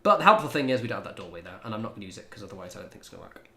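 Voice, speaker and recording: A man's voice: fairly low pitch, sing-song, very fast, gravelly, a bit bright. A man chatting casually to his viewers while he plays a game on a livestream, laid-back, laughing often and swearing freely. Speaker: game streamer.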